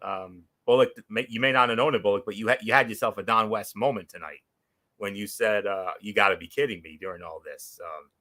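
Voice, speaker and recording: Young man, casual recap host, excitable, restarts often, lowish pitch, forceful tone. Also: brisk. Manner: excitable, repeats words and restarts. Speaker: wrestling show recap host.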